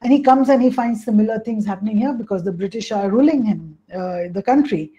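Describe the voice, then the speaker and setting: A woman's voice: mid-range voice, fairly quick, dark tone, dull audio. A woman coach presenting a webinar on emotions, explaining at length and often saying "you know" and "hey, listen" over a call.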